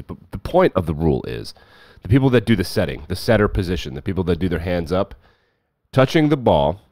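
A man hosting casual sports commentary, sarcastic, jumping between loud bursts and low muttering. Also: no echo, clean studio sound.

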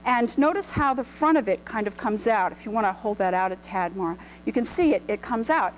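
A woman's voice: medium pitch, lively intonation, brisk, slight background noise, rough recording. A middle-aged woman presenting clothing history to a live audience, casual and full of ums and restarts, in a lecture room. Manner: chatty, many ums and restarts. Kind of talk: informal illustrated lecture.

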